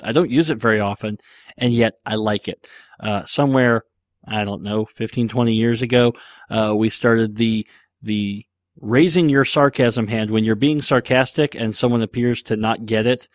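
A man's voice: medium pitch, steady tone, moderate pace, no echo, clean studio sound. A man hosting a podcast, casually answering listener questions in a rambling, joking way with lots of fillers. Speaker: podcast host.

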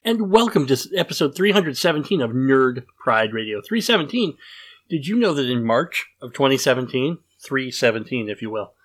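A man's voice: medium pitch, expressive, fairly quick, hardly any pauses, a bit bright. Rambling nerdy podcast host man. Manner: rambling, self-deprecating, lots of fillers and restarts. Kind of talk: casual podcast chat.

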